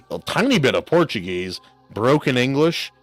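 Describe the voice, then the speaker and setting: A man from Hawaii hosts a relaxed, slangy interview chat in a mid-pitched voice. His pitch moves with lively ups and downs. The recording is close and dry, with no room sound. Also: unhurried, no room sound, faint music behind. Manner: laid-back, slangy, says dude and man. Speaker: host.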